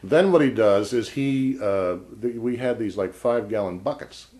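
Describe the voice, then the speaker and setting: A man's voice: medium pitch, moderate pace, dark tone. A man vlogging a casual story about an old job, rambling and wry, often breaking off mid-sentence. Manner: rambling, self-interrupting, wry.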